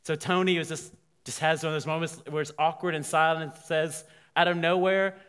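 A man, a pastor, telling a story in a sermon, animated and voicing the people in it. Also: a little high, a little fast, clean tone. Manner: animated, quoting characters. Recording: long hall reverb.

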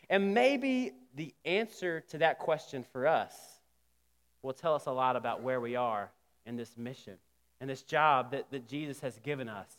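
A man's voice: fairly high pitch, expressive, moderate pace, fairly bright tone, big-room sound. A man preaching a sermon in a conversational way, with emphatic rises and frequent restarts. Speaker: pastor.

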